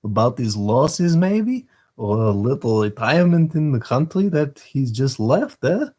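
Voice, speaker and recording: A man's voice: mid-range voice, big pitch swings, measured pace, warm tone. A man reading aloud voices a scheming old male fence with a wheedling, coaxing manner. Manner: wheedling, calls everyone my dear.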